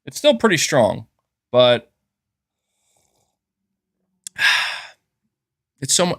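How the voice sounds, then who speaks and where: A man's voice: medium pitch, sing-song, extremely slow, gravelly, a bit bright, no room sound. Gaming stream guy rambling on, bit of a sore throat, mid voice, dry close sound. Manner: rambling, chatty, thanks viewers for gifts. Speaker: gaming channel host. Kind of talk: casual livestream chat.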